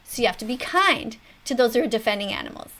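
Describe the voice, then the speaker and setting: A woman in her fifties hosting a mock classroom, commenting on a video in an animated schoolteacher tone. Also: a little high, fast. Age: 50s. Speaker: teacher hosting a reaction video.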